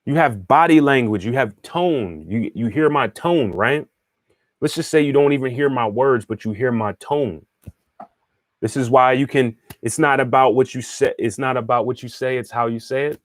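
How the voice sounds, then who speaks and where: A man talks through a spiritual lesson in a loose, conversational flow, repeating himself and restarting phrases as he thinks aloud. He keeps checking in with the listener as he goes. His voice sits at a middling pitch, and the sound is dry and close. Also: moderate pace, dry recording. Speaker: spiritual teacher and astrologer. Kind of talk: casual teaching monologue, answering viewer questions.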